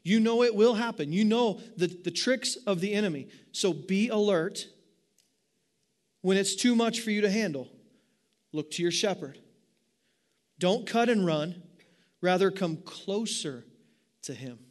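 A man preaching a sermon in an animated way, asking his listeners rhetorical questions. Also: high-pitched, normal speed, pauses often. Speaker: pastor.

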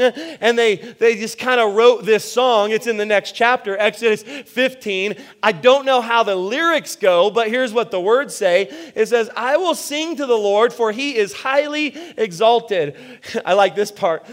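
Male pastor, high voice, chatty sermon, self-deprecating, lots of restarts. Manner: casual, self-deprecating storytelling with frequent restarts. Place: church.

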